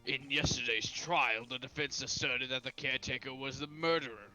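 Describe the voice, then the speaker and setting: A man's voice: mid-range voice, moderate pace, sharp tone, soft background music, poor audio. A man on a casual live game stream who reads character lines aloud in a playful way and laughs often. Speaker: streamer reading game dialogue.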